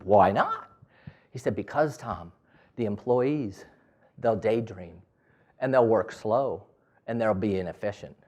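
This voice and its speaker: A man giving a storytelling talk as a business owner, acting out the dialogue in different voices. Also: fairly low pitch. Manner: animated, acts out dialogue in quoted voices. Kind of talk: storytelling speech.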